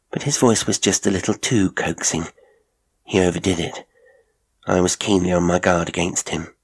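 Male narrator, deep and gravelly, measured and grave delivery. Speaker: audiobook narrator. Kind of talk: scripted narration of a Victorian story.

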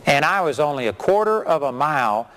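A middle-aged man preaching a sermon, telling folksy, animated stories. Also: a little high, a little fast. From Texas.

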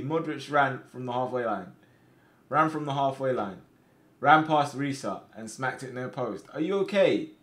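A young man commentating his own football management game, swinging between quiet muttering and loud excited shouts. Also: medium pitch. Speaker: gaming streamer.

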